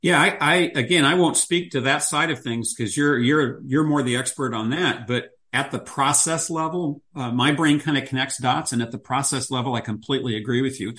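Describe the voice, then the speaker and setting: A man's voice: medium pitch, a little fast, hardly any pauses, fairly bright tone. Man explaining at length. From United States. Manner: expansive, explanatory, repeats key phrases. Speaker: guest, business strategist. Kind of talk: podcast interview.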